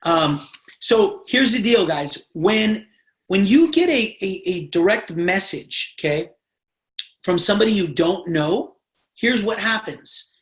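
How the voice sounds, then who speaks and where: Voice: mid-range voice, lively intonation, slow pace. Emphatic trainer on a roomy video call. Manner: emphatic, repeatedly checks in with the audience. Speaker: sales team trainer. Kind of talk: live online training call.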